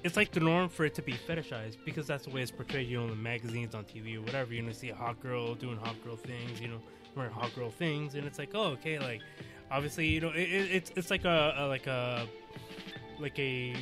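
A man thinking out loud in a casual chat, stumbling through filler words and restarts. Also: medium pitch, music in the background. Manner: halting, full of fillers like "you know" and "like".

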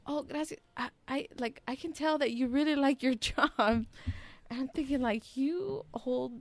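Female podcast co-host, chatty and laughing, slightly high voice. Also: fairly even intonation, moderate pace. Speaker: podcast co-host, works with patients. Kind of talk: casual podcast storytelling.

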